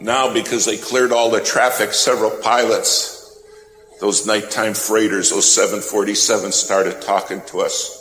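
A man's voice: fairly low pitch, little pitch movement, unhurried, a bit bright. Male preacher, dramatic storyteller, long-reverb hall with music underneath. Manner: dramatic storytelling, swelling emphasis. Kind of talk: sermon. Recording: echoey hall with music behind.

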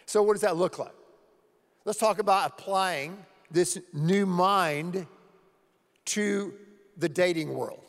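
A man's voice: high-pitched, takes it slowly, creaky, long pauses. A man preaching a sermon to his church as pastor, earnestly repeating key words for emphasis. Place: church sanctuary. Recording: long hall reverb.

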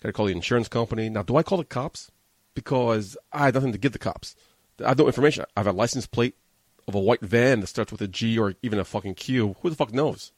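A man's voice: mid-range voice, fast talker, no echo. A man from New hosting a podcast, telling a story in a casual, profane, agitated and rambling way. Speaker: podcast host. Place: studio.

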